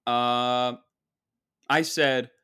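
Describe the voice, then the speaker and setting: A man's voice: mid-range voice, fairly even intonation, very slow, bright, forceful tone, smooth. A man hosting a podcast, telling a comedic story in a rambling, sarcastic, mock-boastful way. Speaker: podcast host.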